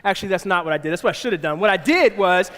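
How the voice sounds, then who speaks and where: A man's voice: high-pitched, lively intonation, very fast, fairly bright tone, long reverb tail. A man preaching a sermon in a church, telling a personal family story and acting out the voices of his kids and wife. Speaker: pastor. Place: church auditorium.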